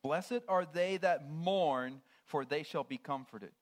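In a sermon, a man whose voice is a little high breaks down word meanings in short, measured phrases, his volume ranging from hushed near-whispers to loud declarations.

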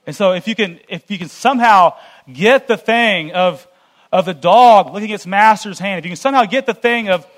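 A man's voice: high voice, brisk, a bit bright. A man speaking earnestly to a church meeting, giving a cautionary sermon-style lecture in a conversational way.

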